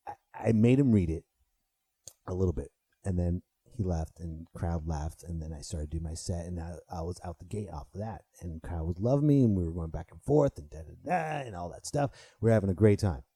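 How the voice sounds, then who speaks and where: Male comic in his thirties, casual podcast monologue, mellow voice, dry close recording. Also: sits low, a little fast, husky, dry recording. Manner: animated, swearing, rises sharply when riled. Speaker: podcast host and stand-up comedian.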